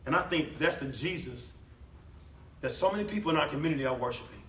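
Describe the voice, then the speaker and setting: A man preaches a sermon in a bright, forceful, fairly high voice, expressive and quick, building to loud declamation and dropping low for scripture. He's far from the mic in an echoey church hall, with a little hiss or hum.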